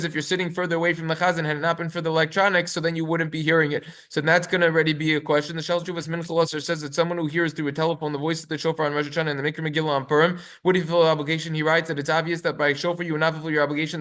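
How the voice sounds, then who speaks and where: The speaker is a rabbi teaching a class, his male voice a little high with a fairly bright tone. Moving quickly through a halachic lecture, he reads sources in Hebrew aloud and translates them, using plenty of fillers.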